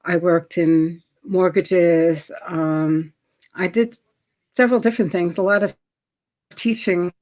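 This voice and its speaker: A middle-aged woman with a New York accent talks through her work in a loose, conversational way. She fills gaps with ums, restarts her sentences and clears her throat now and then. Her voice sits a little low. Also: steady tone, slow, darkish tone. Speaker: guest, credit specialist. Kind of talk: casual interview chat.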